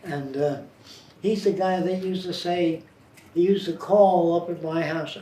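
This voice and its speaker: A man's voice: high voice, measured pace. Blunt older man telling stories. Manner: rambling, blunt, animated anecdotes. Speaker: interviewee. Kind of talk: biographical storytelling. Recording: roomy, distant, faint noise.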